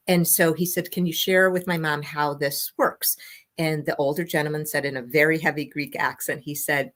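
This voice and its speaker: Woman, 50s, interview guest, low voice, animated storytelling. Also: moderate pace.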